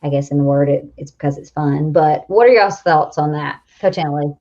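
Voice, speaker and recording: Animated Southern woman coach, lo-fi. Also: low-pitched, fairly quick. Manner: animated, laughing, rambling. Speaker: coach, co-host. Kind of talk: casual chat. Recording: dull lo-fi audio.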